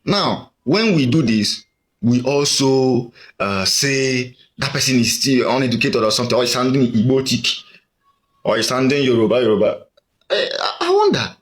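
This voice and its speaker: Nigerian man, casual talker, rambling and questioning, mid-pitched voice. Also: moderate pace. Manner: rambling, questioning, frequent fillers. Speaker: commentator. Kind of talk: casual monologue.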